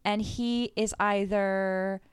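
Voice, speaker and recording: A young woman co-hosting a podcast, telling a story in a casual, animated way, with lots of swearing. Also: mid-range voice, slow, smooth, no echo, clean studio sound. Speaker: podcast co-host.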